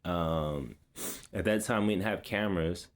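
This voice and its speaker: A man with a fairly low voice talks straight to his audience in a loose, casual vlog. He rambles with plenty of fillers and restarts and drops easy street slang as he goes. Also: a little slow. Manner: laid-back street slang. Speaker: vlogger. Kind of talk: casual personal storytelling.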